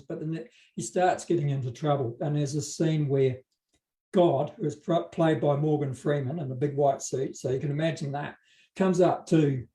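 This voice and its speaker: A man's voice: a little high, mellow. Give me a man preaching a conversational sermon, telling stories with joking asides. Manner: casual storytelling with joking asides. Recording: roomy hall from a distant mic.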